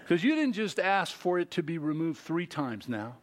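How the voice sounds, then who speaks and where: This middle-aged pastor delivers his sermon with animation, putting rhetorical question after rhetorical question to the congregation. His pitch is fairly high and his speed normal.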